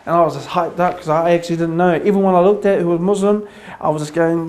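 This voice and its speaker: A man's voice: sits high, fast talker, few pauses. Earnest New Zealand man telling his story. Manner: earnest, repetitive, builds into excited retelling. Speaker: convert sharing his testimony. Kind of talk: personal testimony storytelling.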